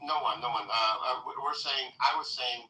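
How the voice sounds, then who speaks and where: A man's voice: medium pitch, normal speed, pushed and bright. A man in casual debate who speaks tentatively and hedges his opinions. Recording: roomy sound from a distant mic.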